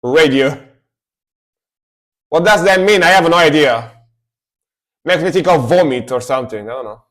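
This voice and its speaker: A man's voice: a little high, brisk, fairly bright tone. A man from Italy, chatting casually and rambling as he reacts to metal songs on a live stream, often repeating himself. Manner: rambling, repeats words, laughs easily.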